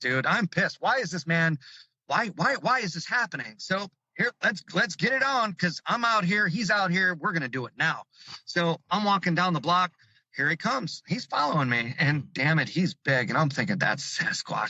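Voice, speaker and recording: A man from Chicago, a call-in guest, telling a personal story with vivid excitement, his voice climbing high as he relives the fear. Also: dry recording, dull audio.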